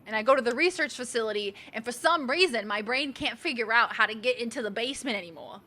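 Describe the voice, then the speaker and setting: A woman's voice: a little high, animated, fast talker, sharp tone. A young woman with a Boston accent chatting casually to her viewers while she plays a game, self-mocking and talkative. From Boston area. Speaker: streamer. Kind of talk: casual gameplay commentary.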